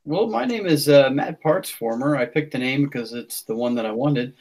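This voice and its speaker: A man's voice: mid-range voice, normal speed, darkish tone. A man hosting a casual podcast, rambling with many fillers and restarts. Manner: rambling, filler-heavy, self-deprecating. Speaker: podcast host. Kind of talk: casual podcast sign-off chat.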